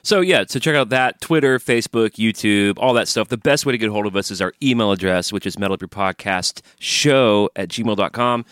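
A man's voice: fairly low pitch, a little fast, few pauses, fairly bright tone, clear, resonant tone, no room sound, studio quality. A man co-hosting a podcast in casual chat, upbeat and crude-humored, plugging the show and reading emails. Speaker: podcast co-host. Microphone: studio microphone.

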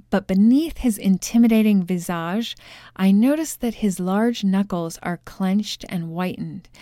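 A woman reads a novel passage aloud in a measured, unhurried storytelling voice. Her tone is mellow and smooth. The recording is close and dry. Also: medium pitch, no echo. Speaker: narrator reading a novel excerpt. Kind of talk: scripted narration.

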